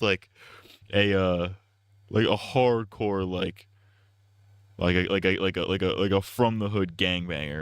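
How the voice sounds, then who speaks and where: A man's voice: deep voice, clean tone, no echo. A man streaming a game, chatting casually and goofing around, laughing at his own jokes. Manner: goofy, joking, laughs at his own bits.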